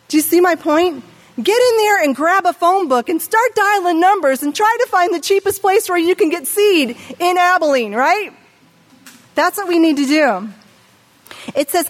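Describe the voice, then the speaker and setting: A middle-aged woman preaching a sermon in an animated way, asking her listeners questions and acting out the voices she quotes. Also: very high-pitched, normal speed, in a large hall.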